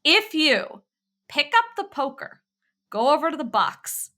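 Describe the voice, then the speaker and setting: A woman's voice: high voice, a little slow. A woman co-hosting a podcast, chatting casually and retelling a video game's puzzle, quoting its characters as she goes. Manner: chatty, animated retelling, quoting game characters in little voices. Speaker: podcast co-host. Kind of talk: casual chat about a video game.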